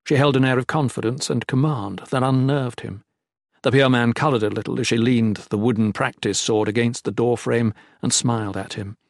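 A man's voice: mid-range voice, steady tone, creaky, no echo. Man reading an audiobook in a dry studio. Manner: measured, descriptive. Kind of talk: audiobook narration.

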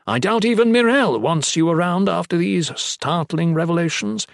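A man's voice: high-pitched, animated, moderate pace, creaky, dry recording, clean studio sound, voice pushed up. A man voicing a hot-headed male priest who argues in a strained, raised voice. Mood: accusing.

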